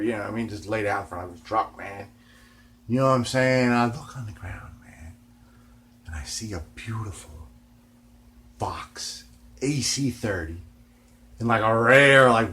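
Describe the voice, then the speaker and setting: A man telling a long story in a laid-back, rambling way. He swears freely, fills every line with "man" and "you know what I mean", and swings between loud and hushed. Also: on the low side. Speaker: guitar vlogger.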